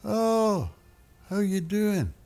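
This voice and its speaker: An older man voicing a smooth-talking male real estate agent, raising his voice high and breezy. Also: very animated, very slow, mellow, soft background music, heavily acted. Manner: cheery, high and breezy put-on voice.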